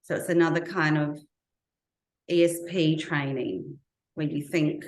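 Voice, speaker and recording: A woman with a low voice tells her own story earnestly in an interview, slowly building up remembered details. The sound carries a noticeable echo from the room around her. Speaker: interview guest. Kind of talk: personal testimony in an interview.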